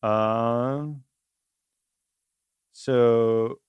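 A man's voice: mid-range voice, very slow, clean tone, no echo, muffled recording. A young man co-hosting a podcast, casually chatting and looking up movie facts. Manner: relaxed, easygoing, fills in details. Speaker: podcast co-host. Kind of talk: casual chat.

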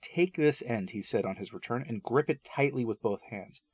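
A man doing a calm mysterious stranger. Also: medium pitch, normal speed, breathy edge, no room sound, clean studio sound. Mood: reassuring. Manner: soft, steady, reassuring. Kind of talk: read-aloud dialogue.

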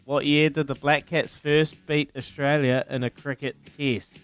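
A man's voice: a little high, little pitch movement, unhurried, clean tone, faint music behind. A man with a New Zealand accent hosting a breezy radio quiz, teasing callers and counting down aloud. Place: radio studio.

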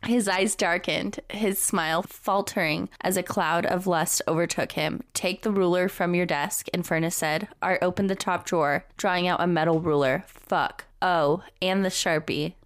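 A woman's voice: lowish voice, steady tone, moderate pace, few pauses, no room sound. A young woman co-hosting a podcast, reading a romance novel aloud and often breaking into laughter. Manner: reads dryly, breaks into laughter. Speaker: podcast co-host.

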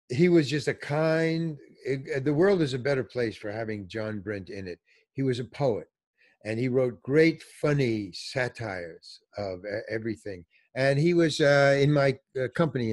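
An older man telling a comic story in casual chat, acting out the people in it with big jumps in his voice. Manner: animated, acts out quotes with big pitch jumps. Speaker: comedian guest telling stories.

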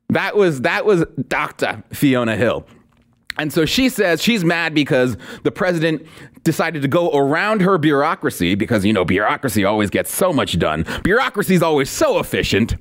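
A sarcastic male podcast host delivering political commentary. His pitch sits a bit high and swings widely as he hammers points home by repeating them. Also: big pitch swings, normal speed. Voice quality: sarcastic, repetitive emphasis.

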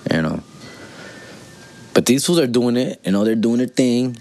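A man's voice: mid-range voice, lively intonation, normal speed, mellow. A man in his forties hosting a podcast, talking casually and comically, full of swearing and slang, and switching between English and Spanish. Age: 40s. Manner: profane, slangy, switches between English and Spanish, constantly says "fool" and "dog". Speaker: podcast host. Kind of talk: casual comedic monologue.

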